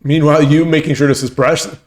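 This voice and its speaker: A man's voice: fairly high pitch, steady tone, a little fast. Rambling, chatty man streaming. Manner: rambling, full of restarts and laughter. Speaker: streamer and host. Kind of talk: casual chat with stream viewers.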